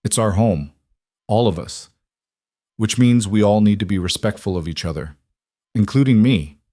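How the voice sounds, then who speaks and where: A stressed career woman, clipped and defensive, spoken in a fairly low voice as a male narrator voices her. The delivery is dry and close with no room around it. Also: expressive, mellow, no echo. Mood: strained. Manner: clipped, tense, quick to defend herself.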